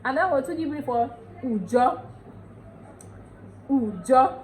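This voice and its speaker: A woman with a Nigerian accent teaching dialect words in a casual lesson, chatty and repeating each word slowly for drilling. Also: high-pitched, darkish tone, a little hiss or hum, low-quality recording.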